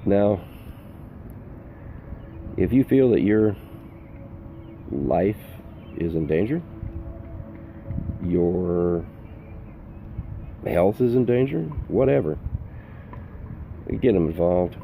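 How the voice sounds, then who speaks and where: Speaking very slowly with vocal fry and long pauses, the older full-time RV vlogger uses his deep, expressive voice to press safety advice on viewers, restating it more than once. It's a casual outdoor vlog in the sun, captured with phone-quality sound and slight background noise.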